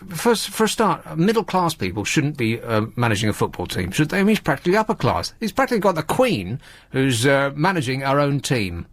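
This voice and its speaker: Man, radio host, mocking comic patter, somewhat higher voice. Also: no room sound. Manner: sarcastic, mocking asides. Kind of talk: casual comic radio monologue.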